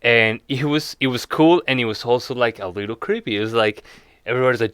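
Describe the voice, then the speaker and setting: A man's voice: medium pitch, fast talker, a bit bright, clean tone, no room sound, clean studio sound. A man hosting a casual podcast chat, talking in a laid-back, profane way and laughing easily. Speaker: podcast host.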